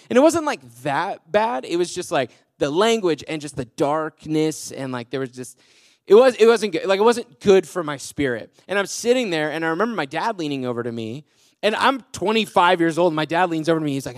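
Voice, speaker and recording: Casting: young man in his twenties, youth pastor, high and very animated delivery, casual and energetic, close dry mic. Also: brisk, no room sound. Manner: casual, energetic, acts out teen voices. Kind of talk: sermon to a youth group.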